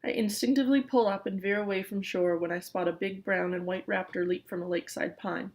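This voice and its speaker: A woman reading a children's novel aloud in the first person, lively, with small stumbles. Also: medium pitch, a little fast. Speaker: audiobook reader.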